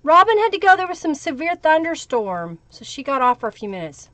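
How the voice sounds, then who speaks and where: A woman with a high, bright-pitched voice hosts a live crafting stream, chatting and thinking aloud as she works. She greets viewers by name. The sound is dry and close, with no room echo. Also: very animated, brisk. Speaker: craft livestream host. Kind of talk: live crafting tutorial with chat shout-outs.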